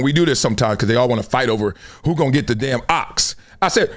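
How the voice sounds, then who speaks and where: A middle-aged man hosting a live sports and culture stream, talking in loose slang with loud bursts and low asides. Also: fast talker. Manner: animated, slangy, jumps between loud bursts and low mutters. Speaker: show host.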